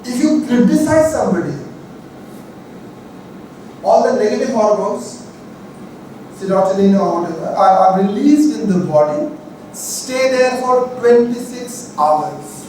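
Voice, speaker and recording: A man's voice: high-pitched, lively intonation, measured pace, pauses often, a little mellow, slight background noise. A man with a Bengali Indian English accent gives a workshop lecture, stressing key points with many fillers and repeated phrases. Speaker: workshop instructor. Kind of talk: classroom lecture. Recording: echoey hall, mic far off.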